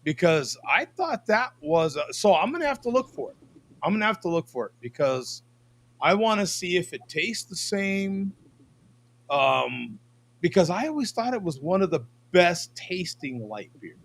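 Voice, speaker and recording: A man hosting a casual livestream chat, excitable and quick to laugh. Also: high voice. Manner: excitable, laughs often, restarts. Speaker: host.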